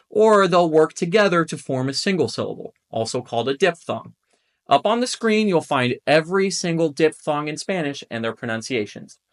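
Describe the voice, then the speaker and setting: Man, native English speaker, Spanish teacher, fairly high voice, clear patient explaining, repeats vowel drills. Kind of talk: instructional video lesson.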